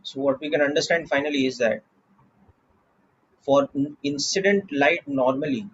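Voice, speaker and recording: A man with an Indian English accent teaching a physics class, explaining slowly and checking in with "okay" often. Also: mid-range voice, fairly bright tone, husky, dull audio. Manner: slow, deliberate explaining with frequent "okay" checks. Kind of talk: classroom lecture.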